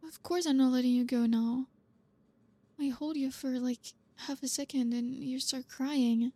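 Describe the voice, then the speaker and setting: A woman voicing a blunt, reserved young woman who is gruff but caring, talking to the listener in an audio role-play in a halting, awkward way. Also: high-pitched, fairly even intonation, mellow, no echo. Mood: awkward, tender. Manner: halting, awkward, stumbling over words.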